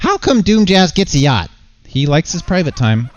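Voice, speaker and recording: An excitable, squeaky fellow with big dreams, as a man puts him on while playing, his voice jumping high and loud. The recording is dull and lo-fi. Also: moderate pace, no echo. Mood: eager. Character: shrill eager man dreaming of a yacht.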